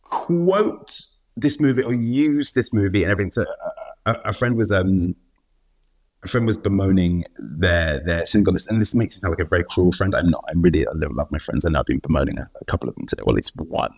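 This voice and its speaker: A man's voice: low voice, fairly quick. A man, an actor guest, chatting casually and animatedly, laughing often and acting out quotes. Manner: animated, laughing, full of restarts and acted-out quotes. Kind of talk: casual interview chat.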